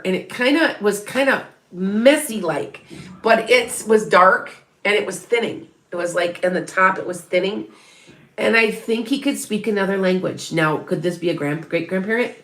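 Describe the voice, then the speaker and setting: A woman's voice: mid-range voice, animated, moderate pace, fairly bright tone. A middle-aged woman giving psychic readings to viewers, in a chatty, rambling way with many restarts and self-corrections. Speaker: psychic medium. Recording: roomy echo.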